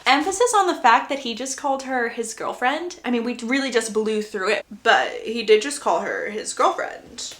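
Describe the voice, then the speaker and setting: A woman giving a chatty, animated plot recap, laughing often and acting out the lines she quotes. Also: on the high side, moderate pace. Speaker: book recap youtuber. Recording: roomy echo.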